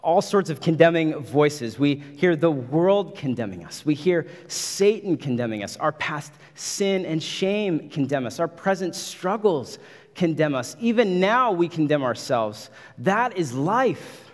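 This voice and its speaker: A man's voice: a little high, sing-song, measured pace, long reverb tail. A man preaching a sermon as pastor, emphatic, repeating phrases and building intensity.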